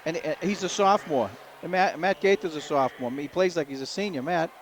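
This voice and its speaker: A man giving folksy color commentary on a local high school basketball game, rambling and repeating words, with faint noise behind him. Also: a little fast.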